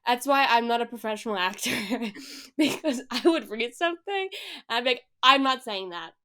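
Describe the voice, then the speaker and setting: A woman co-hosting a podcast in casual chat. She is blunt and animated, swearing freely and throwing in quick asides, with a slightly high voice. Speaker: podcast co-host.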